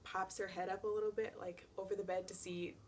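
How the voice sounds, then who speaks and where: A woman's voice: medium pitch, brisk, a little hiss or hum. A young woman vlogger telling a personal story in a dramatic, casual way, with lots of "like". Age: young adult. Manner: animated and dramatic, heavy use of "like".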